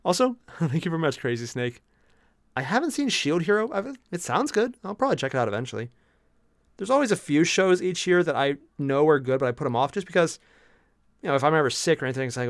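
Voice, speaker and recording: A young man streaming while he paints miniatures, chatting with viewers in an animated, jokey way. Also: a little high, quick pace, no echo, clean studio sound. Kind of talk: casual live-stream chat.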